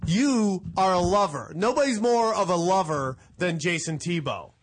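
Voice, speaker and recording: A man's voice: sits high, expressive, moderate pace. A man, a comedian co-host, trading crude, teasing banter in a casual podcast chat.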